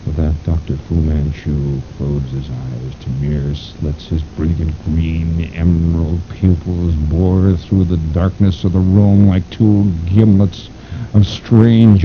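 Deep-voiced man narrating theatrically. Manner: theatrical, lingering emphasis on ominous words. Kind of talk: dramatic audiobook reading of pulp fiction. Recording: dull lo-fi recording with rumble.

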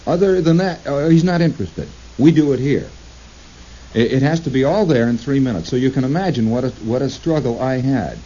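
A man broadcasting on radio, telling a long rambling story in a halting, digressive way, breaking into quoted voices. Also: mid-range voice, mellow, husky. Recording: lo-fi recording with faint hiss.

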